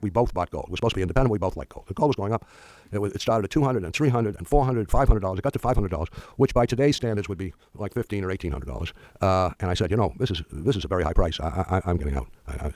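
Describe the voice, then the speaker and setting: An older man speaks quickly in a fairly low voice, telling rambling stories to an audience. His talk is full of restarts and asides, with a dry sense of humor. The sound is dry and close. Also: darkish tone, dry recording. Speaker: firm founder telling stories.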